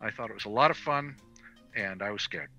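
A man's voice: fairly low pitch, a little fast, sharp tone, faint music behind, rough recording. A man rambling casually about a film over a call, with lots of fillers and restarts. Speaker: podcast guest reviewer. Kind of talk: casual film review chat. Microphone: video call.

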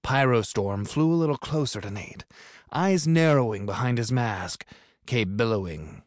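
A man's voice: medium pitch, lively intonation, normal speed, no echo, studio quality. Upbeat man narrating an audiobook. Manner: upbeat, playful. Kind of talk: scripted narration.

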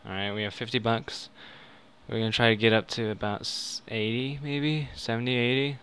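An excitable young man talks casually at his desk microphone at home, his voice bright and forceful. He drops to mutters one moment and yells the next as he bets and cheers. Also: medium pitch, moderate pace, smooth. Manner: excitable, swings from mumbling to shouting. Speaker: gaming YouTuber. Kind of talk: casual gambling commentary. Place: home room.

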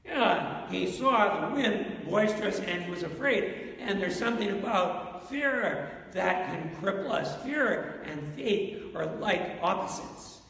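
A man's voice: sits high, lively intonation, slow pace, gravelly, few pauses, a bit bright. A male pastor preaching a sermon in a church, talking in a conversational way and asking the congregation questions. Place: church sanctuary. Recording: echoey hall from far off.

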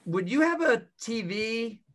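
A man's voice: very high voice, sing-song, a little slow, a bit bright. A man co-hosting an interview, asking rambling questions peppered with fillers. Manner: rambling questions full of "like" and "you know". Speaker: co-host. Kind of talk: casual interview.

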